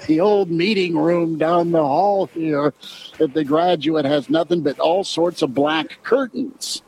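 A man's voice: a little high, measured pace, darkish tone, slight background noise, rough recording. A man hosting a casual sports radio show, joking and laughing often with his co-hosts. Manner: jokey, laughs often, many restarts. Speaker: radio host.

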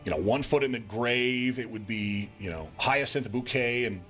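A man's voice: mid-range voice, moderate pace, fairly bright tone, soft background music. A man hosting a radio call-in show, chatting casually and joking in rambling asides before reading listener listings. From Nebraska, USA. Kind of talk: casual on-air banter.

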